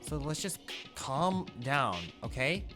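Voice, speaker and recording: A man voicing a calm teenage boy, speaking earnestly and reassuringly. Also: fairly high pitch, slow pace, over music. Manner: soothing, earnest.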